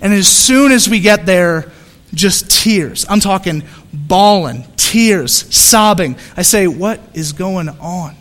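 High-voiced, animated male pastor preaching. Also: slow pace, big-room sound. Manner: animated storytelling with repeated restarts. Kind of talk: sermon.

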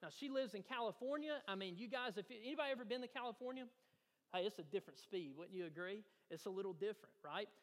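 A man's voice: high-pitched, lively intonation, quick pace. A man preaching a sermon as pastor, telling a personal story and building to eager emphasis. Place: church sanctuary. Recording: church hall reverb.

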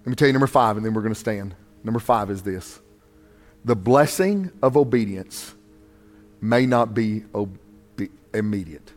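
A man preaching a sermon as pastor, moving between quiet, intimate asides and loud, raised preaching, with a joking, conversational way of telling stories. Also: medium pitch.

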